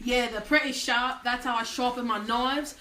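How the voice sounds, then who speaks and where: A woman's voice: on the high side, fairly even intonation, moderate pace, sharp tone, a little hiss or hum. A woman voicing a cheery outback wrangler in a put-on Australian accent, telling tall tales with laughs. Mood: boastful.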